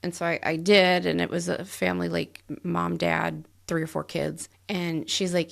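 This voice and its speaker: Very gravelly woman telling stories. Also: on the low side, normal speed. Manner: animated storyteller, acts out quotes. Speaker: podcast co-host. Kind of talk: casual storytelling chat.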